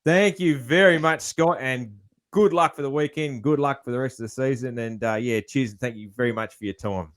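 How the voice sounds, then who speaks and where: Broad Aussie podcast host. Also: male voice, mid-range voice, moderate pace. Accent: broad Australian. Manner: laid-back, friendly, calls guest man. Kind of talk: casual interview chat.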